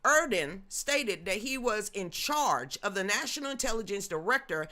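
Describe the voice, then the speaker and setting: A woman's voice: mid-range voice, animated, moderate pace, sharp tone. Emphatic grandmother hosting a commentary stream. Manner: emphatic, rambling, talks back to chat. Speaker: news commentary host. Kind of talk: livestream commentary reading chat.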